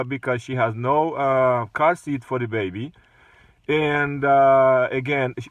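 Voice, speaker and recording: A man's voice: medium pitch, a bit bright, dry recording, recorded from a distance. Hesitant male rideshare driver recounting. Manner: hesitant, many fillers and restarts. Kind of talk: casual retelling of an incident.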